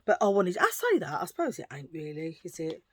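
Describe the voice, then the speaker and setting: A middle-aged woman vlogger chats to her viewers in a rambling, jokey way about her shopping finds in a casual haul video. Her voice sits low and swings hugely in pitch, with a fairly quick pace, a fairly bright tone and a breathy edge.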